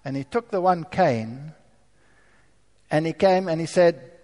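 A man preaches his own life story in a storytelling sermon, turning to the audience with rhetorical questions. His voice sits high and carries a long reverb from the hall. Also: a little slow, warm tone. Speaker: preacher giving his testimony.

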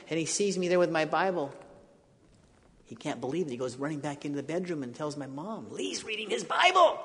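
A man preaching, telling a personal story in an animated way that rises to excited quotes. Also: sits high. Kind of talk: sermon storytelling. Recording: long hall reverb.

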